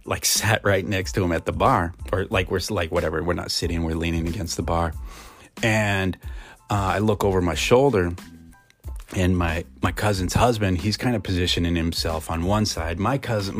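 A middle-aged man from Montana telling a rambling story casually, full of fillers and restarts. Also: deep voice.

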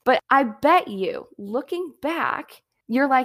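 A woman's voice: sits high, animated, slow, a bit bright. A young adult woman talking casually to her viewers in an upbeat motivational vlog, chatty with lots of fillers. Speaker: vlogger. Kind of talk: casual motivational talk to camera.

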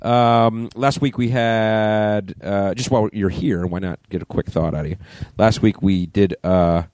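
A man with a low voice co-hosting a casual podcast, steering along with quick prompts. He stays easygoing and relaxed throughout. His voice sounds close and dry. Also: no echo. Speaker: podcast co-host.

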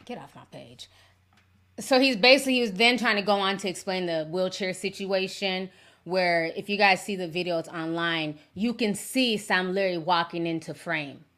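Bright, sassy woman commentator. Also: lowish voice, moderate pace. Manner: blunt, sassy, talks straight to viewers. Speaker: host. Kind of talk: celebrity news commentary.

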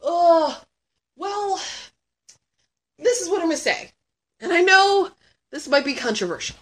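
High-voiced woman in her 30s, super animated, laughs a lot and yells sometimes, swears freely. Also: measured pace. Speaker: podcast guest answering questions. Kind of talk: casual chat.

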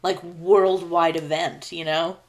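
A woman's voice: fairly low pitch, level tone, slow pace. A woman co-hosting a podcast, chatting casually and recapping a sitcom episode, laughing often. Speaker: podcast co-host.

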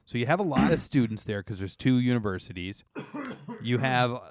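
A man with a smooth, resonant voice chats easily as a podcast co-host. His delivery is relaxed and conversational, recorded dry and close. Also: medium pitch, fairly quick, dry recording. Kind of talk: casual chat.

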